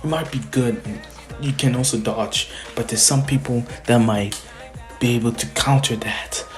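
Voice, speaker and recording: A man's voice: mid-range voice, fairly even intonation, moderate pace, soft background music, close to an everyday voice. A man voicing an old male hero mentor who is blunt and mocking.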